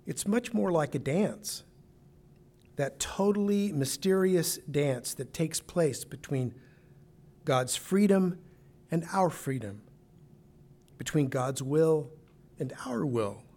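A pastor delivers a sermon in an earnest, emphatic manner. His voice sits a little higher than most men's. He sometimes breaks off and restarts a phrase as he presses his point. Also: animated, slow, pauses often, a little mellow.

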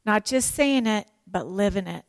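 A woman teaching a sermon to women, animated and emphatic, with playful joking asides. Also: mid-range voice, moderate pace, no room sound. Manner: animated and emphatic, acts out prayers and quotes.

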